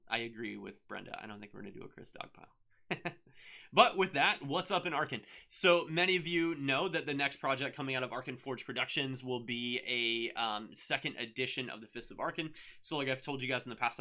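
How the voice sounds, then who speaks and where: A middle-aged man hosting a casual live stream, talking in a loose, rambling way full of ums and asides. His voice has a gravelly edge but stays bright and forward. He keeps an upbeat, chatty flow as he answers comments. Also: medium pitch. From United States. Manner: rambling, upbeat, many fillers. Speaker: show host and author.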